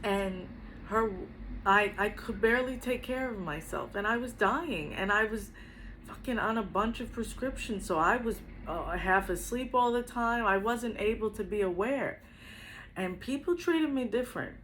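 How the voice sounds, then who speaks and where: A woman's voice: medium pitch, animated, normal speed, fairly bright tone, slight background noise, rough recording. A middle-aged woman, a spiritual healer, telling her own story to the camera earnestly and reflectively, often repeating her phrases. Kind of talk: personal testimony to camera.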